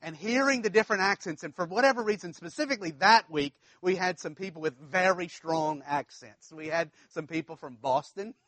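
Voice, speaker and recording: A man's voice: sits high, a little fast, few pauses, fairly bright tone, dry recording. A man from South Louisiana with a local accent, preaching a sermon as pastor in a conversational, storytelling way with folksy asides.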